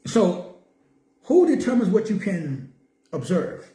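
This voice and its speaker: A man's voice: high voice, sing-song, slow, mellow. A man giving a spiritual teaching talk, driving points home with repeated questions and emphatic answers. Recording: roomy echo.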